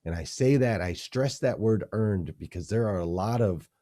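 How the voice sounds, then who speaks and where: A man's voice: fairly low pitch, normal speed, mellow. A man, a leadership coach, being interviewed on a podcast, teaching energetically in punchy, repeated phrases.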